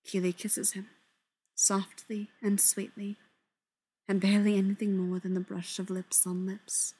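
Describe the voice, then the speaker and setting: A woman narrating a story in a soft voice that often drops to a whisper. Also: mid-range voice, completely flat delivery, unhurried, slightly rough. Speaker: story reader.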